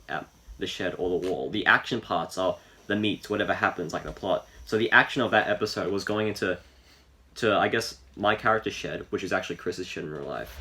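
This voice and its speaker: A man chats loosely as a podcast co-host, his voice pitched a touch low yet bright and forceful. He wanders through his points, restarting sentences and leaning on fillers. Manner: rambling, filler-heavy, restarts thoughts. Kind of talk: casual chat.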